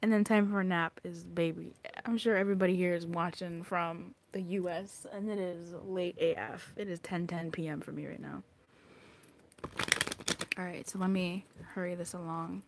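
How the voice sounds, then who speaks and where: A woman's voice: on the low side, fairly even intonation, moderate pace, a little hiss or hum. A woman giving a chatty live tarot reading, bubbly and talkative, sometimes dropping into whispered asides. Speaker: tarot reader.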